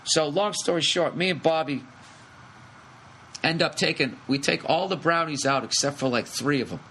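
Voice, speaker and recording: A middle-aged man hosting a podcast, telling a rambling comic story with lots of swearing in quick animated bursts. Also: a little high, low-quality recording. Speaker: podcast host. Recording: faint background noise.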